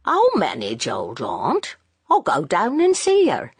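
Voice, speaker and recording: A woman's voice: on the low side, huge pitch swings, slow, husky, dry recording, exaggerated voice. A woman voicing an anxious, guarded older landlady who speaks sententiously. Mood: firm. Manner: sententious, hasty.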